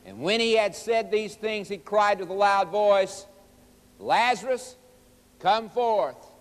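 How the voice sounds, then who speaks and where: A man preaching in a high, lifted voice, driving his points home with emphatic questions and quoted scripture. His words ring out with a long reverb trailing behind them. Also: a little slow, clear, resonant tone. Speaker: evangelist. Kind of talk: sermon.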